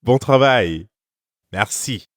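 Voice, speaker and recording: A man co-hosting an audio language lesson, explaining words clearly and praising the listener in a scripted way. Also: medium pitch, lively intonation, slow, no room sound, clean studio sound. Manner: clear, instructive, encouraging.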